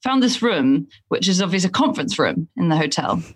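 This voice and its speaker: A woman's voice: fairly low pitch, brisk, slightly rough. A woman telling a self-deprecating anecdote in casual chat. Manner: animated storyteller, self-deprecating. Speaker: guest telling a story.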